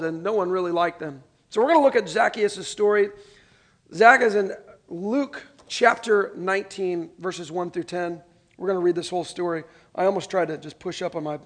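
A man preaching a sermon, reading scripture aloud and asking the congregation to repeat words back to him. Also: high voice. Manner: animated, call-and-response with congregation. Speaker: pastor.

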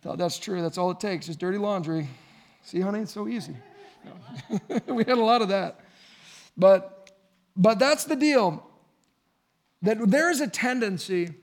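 A man in his thirties preaching a sermon to his congregation in a conversational way, building to emphatic points. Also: sits high. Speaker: pastor.

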